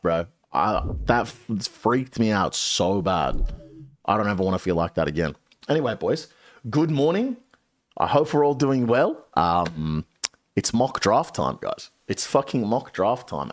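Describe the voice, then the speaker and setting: Young guy streamer, low voice, swings all over the place, swears a ton while telling a wild story. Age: 20s. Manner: animated, swearing a lot, dramatic retelling. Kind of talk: casual storytelling to stream chat.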